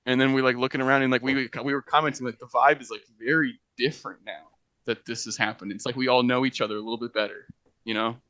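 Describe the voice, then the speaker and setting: With a bright, mid-range voice and a fast delivery, this podcast co-host spins an anecdote in a casual storytelling chat. He laughs a lot and acts out the quotes, and there's no echo on the recording.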